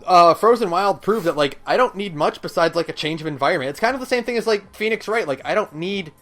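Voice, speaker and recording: A man's voice: sits high, fast. Laid-back man podcast co-host. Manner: relaxed, filler-heavy, swears casually. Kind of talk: casual gaming chat. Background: faint background music.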